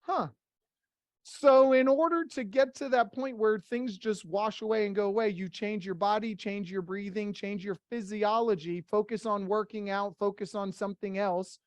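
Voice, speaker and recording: A blunt workshop leader speaks at a middle pitch, close and dry with little room sound. The leader keeps firing rhetorical questions at the group in a motivational talk, with casual swearing. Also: dry recording.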